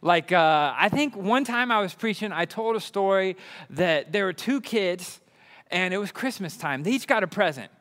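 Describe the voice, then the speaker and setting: A young adult man preaching a sermon, excitable and enthusiastic. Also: high voice, moderate pace, big-room sound. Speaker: pastor.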